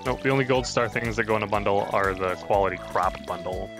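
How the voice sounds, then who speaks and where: A man with a low, gravelly voice patiently walks a fellow player through the game in casual chat. Clear game music plays behind him. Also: fast. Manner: patient, explains game steps, laughs easily.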